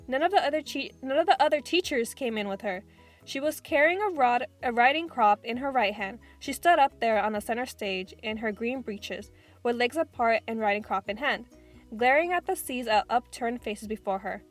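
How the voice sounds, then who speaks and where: A woman's voice: fairly high pitch, animated, moderate pace, faint music behind. A woman narrating an audiobook of a children's novel, reading plainly with small slips.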